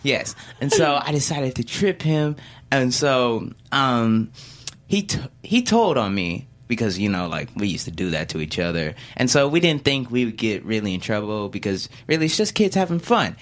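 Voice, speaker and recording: A panelist telling a childhood story in a casual chat, animated and acting out the voices. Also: female voice, a bass voice, moderate pace.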